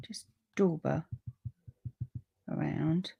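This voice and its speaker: A woman's voice: low-pitched, drawn-out words, gravelly, warm tone, slightly rough. A woman hosting a live papercraft demonstration at home, chatting and rambling in friendly asides as she reads out viewer comments. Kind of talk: live crafting stream, reading viewer comments. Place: room upstairs at home.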